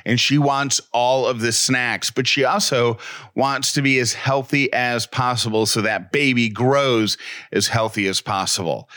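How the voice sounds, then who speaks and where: A man from upstate New York co-hosting a casual podcast with wry, quick banter and reading an ad. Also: mid-range voice, bright, forceful tone, dry recording, clean studio sound. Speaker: podcast co-host. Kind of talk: casual chat and host-read ad.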